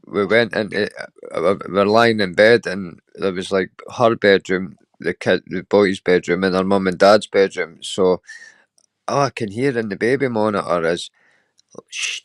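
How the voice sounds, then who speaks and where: A Scottish man with a lowish voice rambles through a casual chat, laughing as he tells his stories. The sound is close and dry, with no room around it. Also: moderate pace, dry recording. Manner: rambling storyteller, laughs often.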